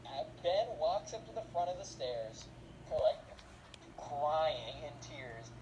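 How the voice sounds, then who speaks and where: A young man casually telling a long story, rambling with many fillers and acting out voices. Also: on the high side. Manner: rambling, filler-heavy, animated. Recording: noisy background.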